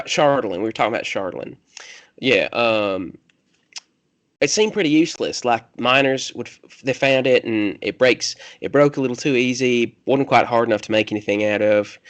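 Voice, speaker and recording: A man's voice: mid-range voice, close to an everyday voice. A man voicing a wary, reclusive country hermit with a drawl, who rambles with many fillers and loses his train of thought.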